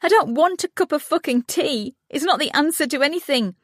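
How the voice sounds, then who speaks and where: A woman's voice: medium pitch, normal speed, no echo, clean studio sound, natural voice. A woman voicing a grieving mother who is angry and accusing in an audiobook, speaking with raised urgency. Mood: anguished.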